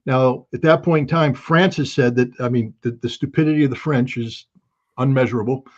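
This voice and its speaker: A man offers interview commentary as a guest analyst, blunt and emphatic with bursts of alarm. His voice is medium-pitched and brisk, heard on muffled, lo-fi audio.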